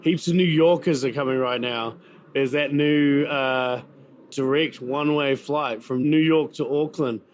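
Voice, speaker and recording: A chef and restaurant owner with a New Zealand accent chats in a casual interview at a busy event venue, using lots of fillers and repeated words. His medium-pitched voice moves a little slowly, with slight background noise.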